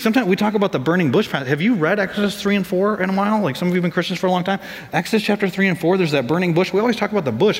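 A man preaching a sermon as pastor, lively and animated, acting out voices for comic effect. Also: a little high. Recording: long reverb of a large hall.

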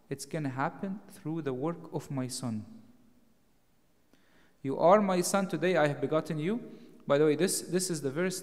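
Emphatic male preacher in a reverberant hall. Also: on the high side. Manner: emphatic, swelling louder on key phrases. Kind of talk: sermon.

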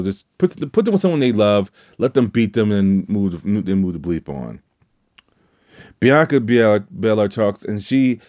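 A man's voice: lowish voice, dark tone, highs cut off. A man hosting a podcast, recapping wrestling in casual, rambling chat full of swearing and fillers. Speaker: podcast host.

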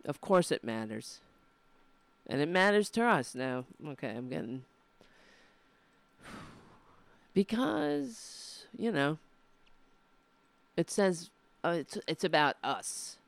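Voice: medium pitch, sing-song, slow, creaky, pauses often, dry recording. A livestream show host talking casually and earnestly, emotional and rambling, with frequent restarts.

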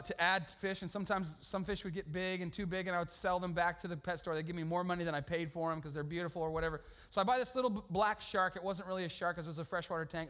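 A man preaching a sermon as an animated, humorous story, full of slang and sudden shouted outbursts. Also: high-pitched. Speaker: pastor.

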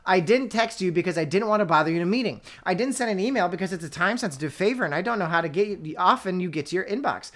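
A woman reading a novel aloud, voicing an irritated, sharp-tongued young woman who answers indignantly. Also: lowish voice, expressive, very fast, hardly any pauses. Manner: snappish and indignant.

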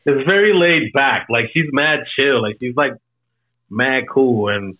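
A man's voice: mid-range voice, unhurried, phone-quality sound. A young man in casual chat, laid-back and joking, heavy on casual slang.

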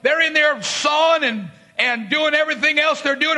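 High bright-voiced preacher shouting a sermon. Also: male voice, fairly even intonation, fairly quick, few pauses, a little hiss or hum. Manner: shouting bursts, dramatic retelling with voiced quotes. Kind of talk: fiery sermon storytelling.

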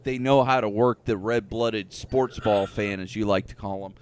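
A man co-hosting a casual podcast chat, rambling and swearing freely, often trailing off quietly. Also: lowish voice, steady tone, moderate pace, slight background noise. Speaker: podcast co-host.

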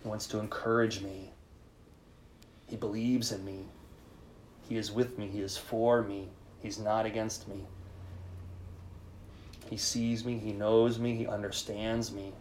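A priest speaking in a conversational sermon to a live group, leading them in call-and-response. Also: male voice, fairly low pitch, little pitch movement, measured pace, long pauses, a little mellow, a little hiss or hum. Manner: informal, leads call-and-response with listeners.

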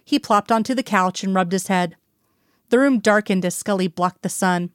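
A woman reading a fan-fiction story aloud in a steady storytelling voice. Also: mid-range voice, moderate pace, clean tone, no echo, studio quality. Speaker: audiobook reader.

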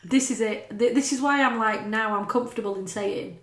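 A woman's voice: a little high, a little fast, a bit bright, reverberant. A woman, chatting casually as a podcast co-host, swearing and laughing as she talks. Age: 30s. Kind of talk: casual chat.

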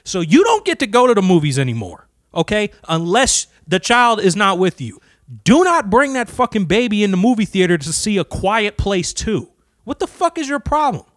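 A man ranting to camera, cursing constantly and swinging from low muttering to loud, heated outbursts. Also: very animated, normal speed, no echo, studio quality. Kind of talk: profane rant to camera.

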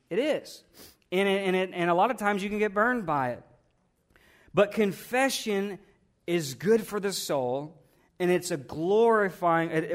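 Higher-voiced man preaching conversationally. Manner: conversational preaching, rhetorical questions, repeats words. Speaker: pastor. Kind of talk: sermon.

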